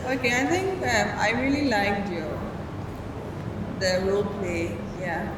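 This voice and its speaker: A woman judge giving soft, hesitant feedback and questions to presenters. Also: mid-range voice, lively intonation, a little slow, crowd noise. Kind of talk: casual feedback. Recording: echoey hall with loud noise.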